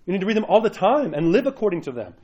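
Man doing a stern, blunt priest, scolding and emphatic, voice raised and quick. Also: high voice, sing-song, darkish tone, dull audio, voice pushed up. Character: stern, blunt old-world priest scolding his flock.

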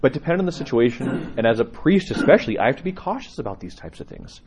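Priest giving a casual teaching: lively, slightly husky man who tells stories. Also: medium pitch, fast talker. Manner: conversational, animated storyteller with laughs. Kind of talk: teaching talk to a congregation.

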